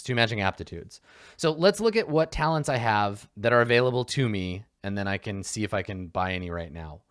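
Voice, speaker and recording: Man talking through a game build, excitable, laughs and swears, mid pitch, dry room. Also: smooth, no echo. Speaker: tabletop game player. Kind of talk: casual game character creation.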